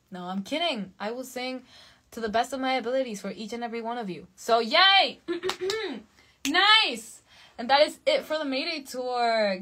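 A woman's voice: a little high, a bit bright. A young Mexican woman chatting casually on a live stream with a Mexican accent, a bubbly band singer who switches between English and Spanish. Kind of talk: casual chat reading fan comments.

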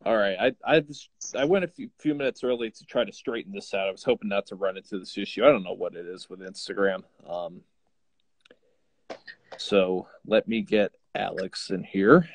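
A man's voice: on the low side, normal speed, poor audio. A man hosting a casual livestream video call, talking hesitantly with many fillers. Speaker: host of a fan livestream. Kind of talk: casual group video chat.

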